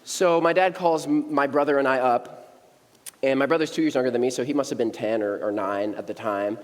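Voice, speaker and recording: In a church sanctuary, a young adults pastor in his thirties delivers a humorous storytelling sermon, telling a funny story casually and playfully while acting out voices. His voice is medium in pitch and a little fast. Long church reverb trails the recording.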